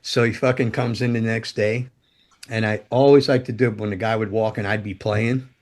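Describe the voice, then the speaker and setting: An older man, a former rock roadie, telling stories as a podcast guest in a loose, profane, animated way. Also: lowish voice, fairly quick. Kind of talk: casual storytelling interview.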